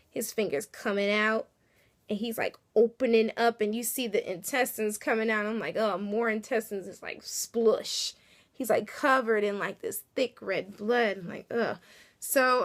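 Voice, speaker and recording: A woman casually recapping a TV episode, chatty and full of fillers, acting out little reactions as she goes. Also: fairly high pitch. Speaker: TV episode reviewer.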